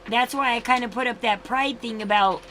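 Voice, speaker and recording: A woman's voice: a little high, a little fast, pushed and bright, a little hiss or hum, low-quality recording. A woman in her thirties hosting a casual livestream, chatting in a rambling way with frequent restarts. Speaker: livestream host.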